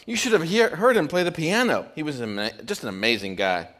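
A man's voice: fairly high pitch, lively intonation, fairly quick, a bit bright, pitched above the performer's own voice. Give me a man putting on a gushing, chatty cab driver. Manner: gushing, rambling storyteller.

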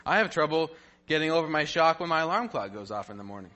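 A man giving a devotional Bible teaching, animated and playful, full of rhetorical questions and jokes. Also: fairly high pitch, quick pace.

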